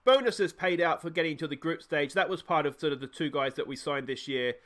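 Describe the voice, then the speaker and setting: A man from Australia commentating his own football management game, chatty and joking, cheering loudly at every goal. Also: a little high, fairly quick. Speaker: gaming YouTuber. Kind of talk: excited let's-play commentary.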